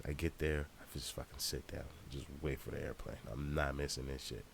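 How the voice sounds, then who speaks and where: Rapper-vlogger type: very low-pitched man, swearing freely through a loose travel story. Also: flat delivery, normal speed, gravelly, slight background noise. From United States. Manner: profane, loose and ranting. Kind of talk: casual travel vlog storytelling.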